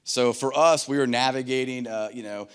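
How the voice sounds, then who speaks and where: A middle-aged man giving a keynote on a conference stage, telling stories in an animated way and acting out the dialogue. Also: medium pitch, normal speed, smooth. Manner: animated, acts out dialogue in voices. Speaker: keynote speaker. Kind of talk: keynote storytelling.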